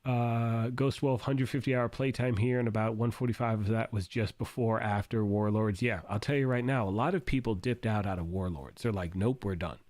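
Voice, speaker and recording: A man hosting a gaming livestream, hoarse and losing his voice, rambling and thinking out loud while reading chat. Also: on the low side, moderate pace, few pauses, dry recording.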